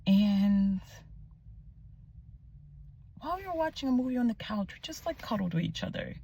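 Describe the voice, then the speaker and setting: A young woman telling her personal faith testimony in a casual vlog, animated and chatty, often dropping to a near-whisper and searching aloud for words. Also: mid-range voice, normal speed, creaky, dull audio, a little hiss or hum. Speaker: Christian vlogger sharing her testimony.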